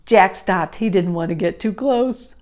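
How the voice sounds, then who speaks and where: A woman reading a children's chapter book aloud, slow and expressive. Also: mid-range voice. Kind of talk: storybook read-aloud.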